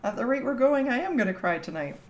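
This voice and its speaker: A woman's voice: fairly high pitch, animated, quick pace. A young woman from Canada chatting casually with her livestream chat from home, teasing and laughing often. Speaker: streamer.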